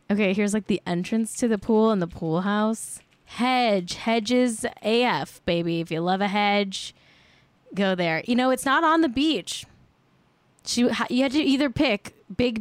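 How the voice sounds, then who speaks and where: Woman, podcast host, sarcastic, blunt, swears a lot, says "like" often, middle pitch, dry close mic. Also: no room sound. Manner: sarcastic, swears casually, many "like" fillers. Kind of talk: casual podcast commentary.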